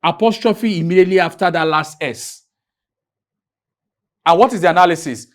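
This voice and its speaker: A man from Nigeria teaching an English grammar lesson in a classroom, writing on a board, drawing out key words and firing questions at his students. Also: high-pitched. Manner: drawn-out, emphatic teaching with repeated questions to students.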